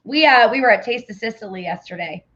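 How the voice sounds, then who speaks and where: A woman's voice: on the high side, lively intonation, fast talker, a bit bright, dull audio. A woman hosting a casual live morning show, chatty and upbeat, talking straight to her viewers. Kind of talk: casual live-stream chat.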